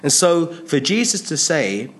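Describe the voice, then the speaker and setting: A man's voice: on the high side, sing-song, a little slow, a bit bright. A man preaching a sermon in a conversational way, stressing points by repeating phrases.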